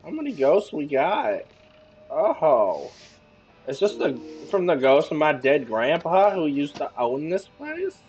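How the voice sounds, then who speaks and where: A man giving excitable, joking commentary while playing a video game, often breaking into exclamations. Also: fairly high pitch, takes it slowly, dull audio, soft background music. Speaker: gaming YouTuber. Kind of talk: let's-play commentary.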